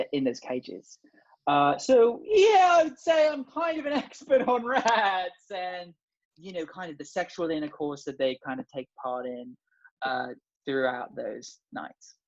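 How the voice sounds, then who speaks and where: A woman's voice: low voice, a little slow. A woman playing a bumbling male sex expert obsessed with rats, rambling and hesitant in a put-on British accent that slips, heard over a video call. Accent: put-on British, slipping. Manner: rambling, hesitant, absurd deadpan boasts. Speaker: guest. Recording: dull lo-fi video call audio.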